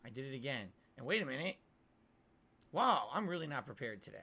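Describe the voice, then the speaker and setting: A man's voice: sing-song, brisk, sharp tone, slightly rough. A man hosting his live stream, chatting casually and rambling before launching into a showman-style welcome. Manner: rambling, self-interrupting, then booming showman welcome.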